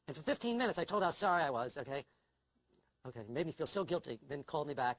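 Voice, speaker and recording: A man's voice: on the high side, expressive, fast talker, dry recording, rough recording. An older man in a casual interview, telling wry, self-deprecating, anxious stories. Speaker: interview guest, comedy writer. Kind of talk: casual conversation.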